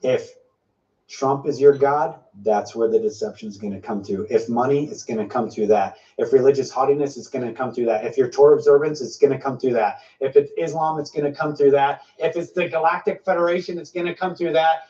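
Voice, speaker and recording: A man's voice: on the high side, fairly quick, mellow. Emphatic man preaching from a distance. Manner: emphatic, piles up repeated phrases. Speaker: preacher sharing a prophetic word. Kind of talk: informal prophetic teaching. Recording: dull, slightly distant lo-fi sound.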